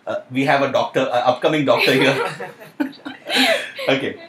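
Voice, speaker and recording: A young man with an Indian accent hosting a casual live Q&A, chatty and excitable, with lots of uh and um. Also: medium pitch, fast. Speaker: live stream host.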